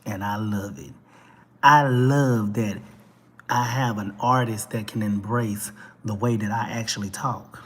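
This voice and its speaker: A man with a Texan twang hosts a talk show, ranting through a blunt, emphatic and profane monologue that keeps hammering the same points. His voice is lowish, with fairly even intonation and a measured pace.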